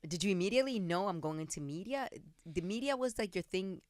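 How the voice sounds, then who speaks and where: A woman's voice: medium pitch, expressive, quick pace, a little mellow, no echo, studio quality. A woman hosting a podcast, chatting playfully, laughing and mixing slang with Spanish phrases. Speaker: podcast host. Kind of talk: casual chat.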